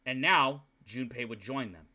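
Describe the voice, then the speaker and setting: A young male streamer reading game text aloud in a hushed low voice and breaking off into profane rants at his chat. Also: unhurried.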